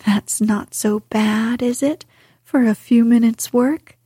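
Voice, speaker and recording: A woman's voice: a little high, fairly even intonation, takes it slowly, warm tone, husky, no echo, clean studio sound. A woman voicing a boastful, conceited male toad in a storybook, in whispered role-play. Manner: boastful and sarcastic.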